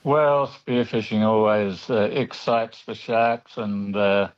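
A man calling a radio show, describing the weather in a relaxed way. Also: lowish voice, slow, muffled recording. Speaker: caller. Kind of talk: casual phone chat. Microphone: phone.

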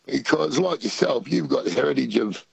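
A man's voice: mid-range voice, lively intonation, moderate pace, creaky, breathy edge, no echo, low-quality recording. A man with an Australian accent calling in to a radio show, chatting in a laid-back way with lots of fillers and slang. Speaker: radio caller. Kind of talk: casual call-in chat.

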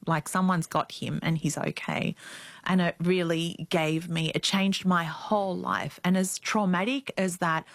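A middle-aged woman, an interview guest, telling a deeply personal story in an earnest, reflective way. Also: no echo. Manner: reflective, earnest, speeds up and slows down.

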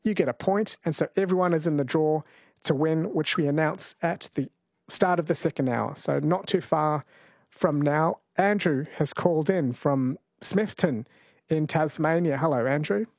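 A man's voice: fairly high pitch, normal speed, vocal fry, darkish tone, dry recording. A man hosting a radio phone-in quiz in a casual, chatty way, laughing easily.

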